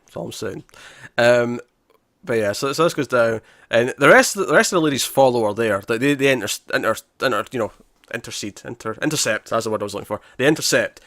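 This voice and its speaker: In studio-quality, dry audio, a man from Scotland talks quickly at a medium pitch while co-hosting a casual podcast. He stays animated throughout, acting out lines from scenes.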